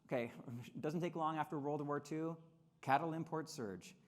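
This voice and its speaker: A man giving a lively convention speech on trade history, often repeating words and acting out quotes in mocking voices. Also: fairly high pitch, normal speed. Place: convention hall.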